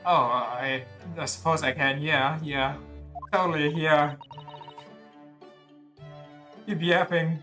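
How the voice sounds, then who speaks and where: A man's voice: fairly high pitch, steady tone, a little slow, sharp tone, faint music behind. A man streaming a game, chatting casually with self-deprecating, laughing asides.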